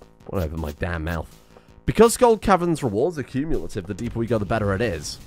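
A man's voice: on the low side, fast, faint music behind. Sweary man narrating gameplay. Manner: sweary, sarcastic, animated outbursts. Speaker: gaming streamer. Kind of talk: casual let's-play commentary.

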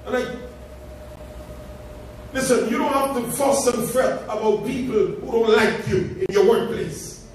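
A middle-aged man preaching a Pentecostal sermon as pastor, swinging between shouted peaks and low, quiet asides. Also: unhurried, long pauses, recorded from a distance. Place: large church sanctuary. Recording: echoey church hall, heard from afar, with noise.

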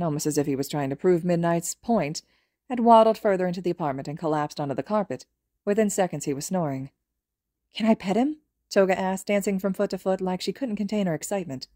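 A woman reading a fan fiction aloud as a podfic narrator, telling the story in a steady, even way. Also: lowish voice, no echo, studio quality. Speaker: podfic reader.

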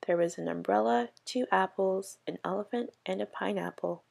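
A woman's voice: medium pitch, moderate pace, gravelly, darkish tone. A woman early years educator reading a picture book aloud for children.

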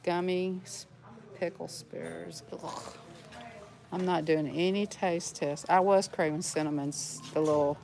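A woman's voice: lowish voice, steady tone, takes it slowly, gravelly, a little mellow. A woman with a Southern accent, chatting and laughing with her viewers as she browses a store in a casual vlog. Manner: chatty, giggly, talks to viewers while browsing. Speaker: vlogger. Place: inside a large discount store.

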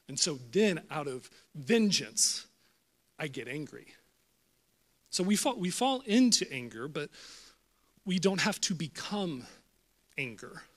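A young man delivers a sermon with a high, bright voice. He is jokey and animated, and he turns loud and fired up when he gets going. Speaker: pastor. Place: church auditorium.

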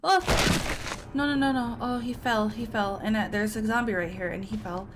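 A woman's voice: a little high, fairly even intonation, normal speed, very noisy. A woman giving casual let's-play commentary, talking to herself and letting out frightened yelps.

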